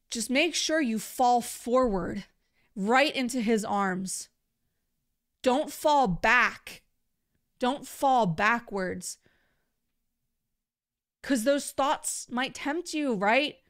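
A woman giving a livestreamed Bible teaching in an earnest, conversational way, often repeating words for emphasis. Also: fairly high pitch.

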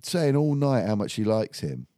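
A man telling an animated, sweary story in a casual chat. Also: lowish voice, moderate pace, no echo, clean studio sound.

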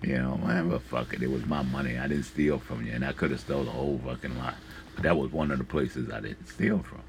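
A bass-voiced man talks fairly quickly over background noise, rambling through a profane story about jobs he's had. He chuckles often and trails off with fillers.

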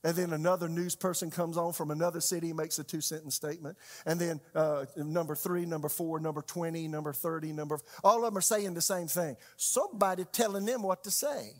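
A man preaching a conversational sermon, asking his congregation frequent rhetorical questions and swinging between loud and hushed delivery. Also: fairly high pitch, steady tone, a little fast, hardly any pauses. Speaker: pastor.

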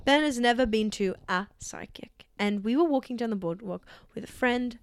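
A young Australian woman co-hosting a podcast, telling stories in an animated way and laughing often. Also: fairly high pitch, moderate pace, no room sound. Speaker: podcast co-host. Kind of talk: casual chat.

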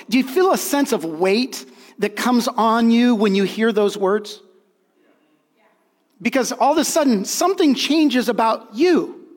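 Man, pastor, earnest emphatic sermon, repeats key lines, high voice, long hall reverb. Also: expressive, a little slow. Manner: earnest, emphatic preaching with repeated phrases and restarts.

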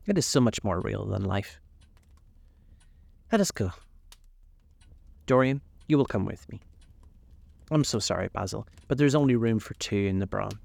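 A man voicing a languid, witty aristocratic gentleman in a storybook reading, with a drawling, amused manner. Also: fairly low pitch, lively intonation, moderate pace, vocal fry, pauses often, dry recording.

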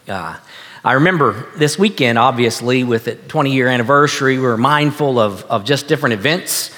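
A man preaching a sermon as pastor, earnest and halting, repeating himself with many fillers. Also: mid-range voice, a bit bright. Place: church sanctuary. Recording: echoey hall.

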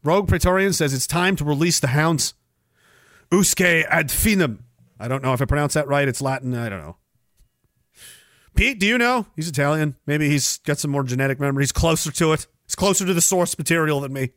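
A man's voice: animated, fast talker, fairly bright tone, dry recording, studio quality. A man hosting a livestream, ranting in a profane, rambling way and mocking others with sarcastic put-on voices. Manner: sarcastic, mocks others in high mimicking voices. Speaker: livestream host.

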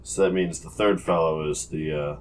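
A man playing in a tabletop game, calmly explaining his moves and the rules. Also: rumbling low, normal speed. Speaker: player. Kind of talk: casual tabletop game chat.

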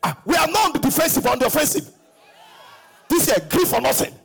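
A middle-aged pastor preaching a sermon, breaking into sung phrases and shouts and acting out quoted voices. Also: male voice, extremely high pitch, lively intonation, fast, gravelly.

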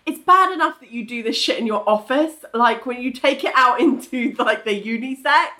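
A woman's voice: fairly high pitch, moderate pace, bright, forceful tone. A woman co-hosting a podcast, chatting casually with a blunt, swearing, laughing manner. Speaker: podcast co-host. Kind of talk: casual chat. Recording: roomy echo.

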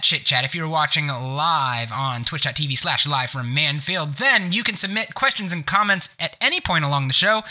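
A man's voice: on the high side, sharp tone. A man with a stuffed-up nose hosting a casual gaming podcast, joking and sarcastic as he rambles. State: congested nose. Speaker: podcast host.

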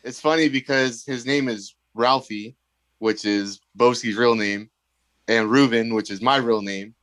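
A man's voice: medium pitch, measured pace, a bit bright, no room sound. Joking male podcast co-host. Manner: joking, teasing. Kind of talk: casual chat.

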